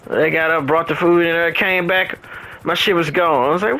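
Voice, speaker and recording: Young man, bright and a bit high, casual gamer chat, animated storyteller. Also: normal speed, rough recording. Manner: storytelling, animated quoting of others. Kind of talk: casual chat while playing a game.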